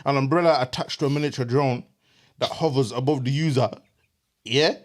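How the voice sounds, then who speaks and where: A young man, co-hosting a comedy podcast and doing a slangy mock business pitch. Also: fairly quick. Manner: slangy, giggling fits, sleep-deprived. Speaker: podcast co-host.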